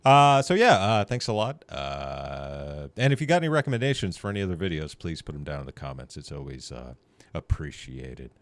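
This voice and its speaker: A man's voice: rumbling low, lively intonation, a little fast, no echo. A man hosting a casual reaction video, laid-back and rambling, with many fillers and jokes. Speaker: reaction video host, navy veteran.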